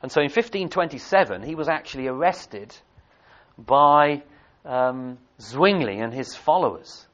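A man teaches church history to a congregation in a loose, conversational way, with frequent fillers and restarts and questions put to the room. His voice sits at a middling pitch. The recording is dull and lo-fi. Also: animated, unhurried, fairly bright tone. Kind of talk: evening church history talk.

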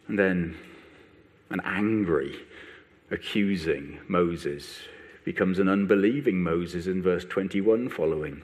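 A man's voice: sits low, takes it slowly. A male preacher delivering a sermon, voicing biblical figures with rising intensity. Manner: animated, rising sharply when voicing biblical speakers.

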